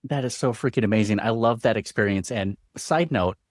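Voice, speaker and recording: A male podcast host who chats in an upbeat, easygoing way. His voice is fairly low, and the sound is close and dry with no room echo. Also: fairly quick. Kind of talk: casual interview chat.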